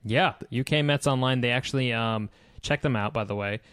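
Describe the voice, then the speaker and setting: A man's voice: medium pitch, a little fast, a bit bright, clear, resonant tone, no room sound, studio quality. A young man co-hosting a casual podcast, easygoing and rambling as he talks. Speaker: podcast co-host. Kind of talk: casual chat.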